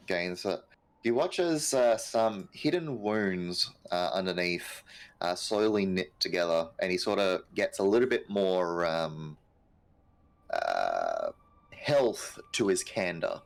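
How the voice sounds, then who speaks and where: Slow, low-voiced male game master. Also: animated, vocal fry, low-quality recording. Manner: halting, many fillers. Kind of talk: tabletop game narration.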